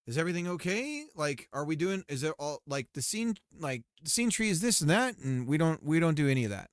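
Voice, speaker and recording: A man's voice: fairly high pitch, very animated, a little fast, no echo, clean studio sound. A man streaming his game development work, thinking aloud in a playful way and muttering and repeating phrases to himself as he works.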